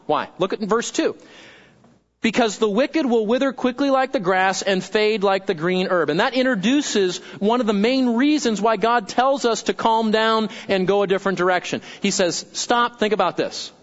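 A man's voice: high-pitched, normal speed. A man preaches a sermon. He is emphatic and repeats his key phrases as he quotes scripture. The recording sounds dull and lo-fi. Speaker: pastor.

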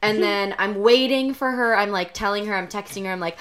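A woman's voice: medium pitch, a little fast. A woman co-hosting a casual chat, telling stories with lots of laughter. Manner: animated, laughs through her stories. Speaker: podcast co-host.

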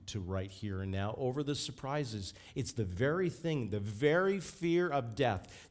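A man preaching a sermon as pastor, fervent and emphatic. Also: mid-range voice.

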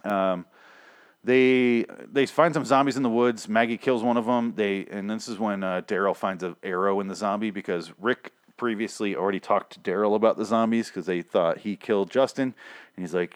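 Casual recapper, male, sarcastic and rambling, low-pitched, dry close recording. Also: steady tone, normal speed, smooth, dry recording. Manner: rambling, sarcastic, acts out scenes. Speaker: TV show recapper. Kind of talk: casual profane episode recap.

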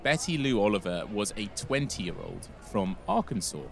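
A man's voice: lowish voice, very animated, normal speed, creaky, soft background music. An English man hosting a casual history podcast, rambling and correcting himself as he goes. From England. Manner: rambling, self-correcting, chatty. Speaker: podcast host.

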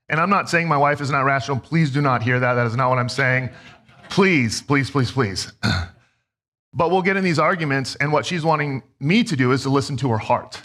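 A man in his thirties preaching a sermon as a pastor, telling stories in a conversational, self-deprecating way. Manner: conversational, self-deprecating storytelling with lively pitch swings.

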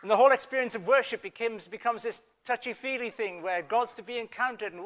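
A man preaching a sermon in an earnest manner, dropping to a hush and then rising to emphatic points. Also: extremely high pitch, fast talker, hardly any pauses. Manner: earnest, swings from hushed to emphatic.

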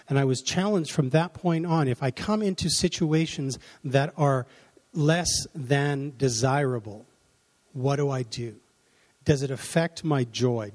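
A man's voice: fairly high pitch, darkish tone. A man preaching a sermon, telling a story in a rambling, self-correcting way and acting out the voices of the people in it. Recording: long reverb of a large hall.

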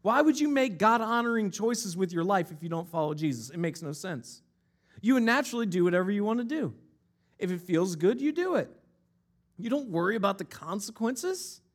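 Male pastor, higher-pitched voice, emphatic sermon delivery with rhetorical questions. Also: lively intonation, brisk. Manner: emphatic, rhetorical questions, repeats key lines.

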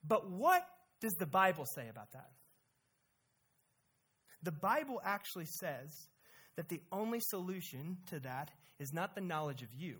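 A preacher giving a sermon with emphasis, asking the listeners rhetorical questions and shifting between quiet and loud delivery. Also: mid-range voice, sing-song, normal speed, long pauses, husky.

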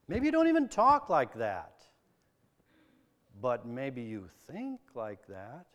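A preacher from the American Midwest giving a sermon, asking probing, earnest rhetorical questions. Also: male voice, mid-range voice, huge pitch swings, slow pace, a bit bright, in a large hall.

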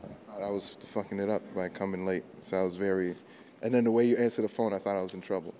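A man's voice: deep voice, level tone, fast talker, mellow, slight background noise. A man, a comedian guest, chatting casually and rambling through anecdotes between laughs. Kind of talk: casual chat.

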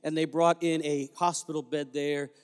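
Male pastor, high voice, storytelling sermon, joyful whoops, long hall reverb. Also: flat delivery, moderate pace, clean tone.

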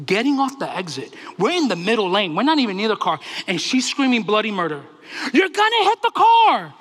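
A male pastor giving an animated, humorous sermon. His voice sits high and bright. It carries the long reverb of a church hall. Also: fast.

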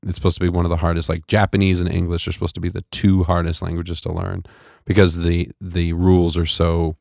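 A man's voice: low voice, monotone, a little fast, gravelly, a little mellow, no room sound. A man co-hosting a casual podcast chat in a studio, easygoing and agreeable, laughing often. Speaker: podcast co-host.

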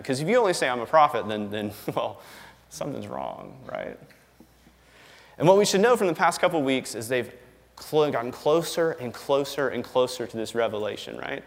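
A man's voice: medium pitch, big pitch swings, moderate pace, gravelly. A man preaching a sermon in a conversational, emphatic way, often checking in with "right?" and chuckling. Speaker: pastor. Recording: long reverb of a large hall.

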